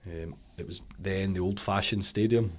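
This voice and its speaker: A Scottish man in his forties, a former footballer guest on a podcast, telling lively stories, swearing freely and laughing often. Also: low-pitched, normal speed. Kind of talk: casual podcast interview.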